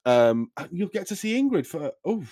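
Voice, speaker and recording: A man's voice: sits high, very animated, normal speed, warm tone, pitched above the performer's own voice. A man doing a rambling, flustered farmer dad. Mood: gushing. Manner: rambling, stammering, fussy. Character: flustered cheerful middle-aged farmer dad.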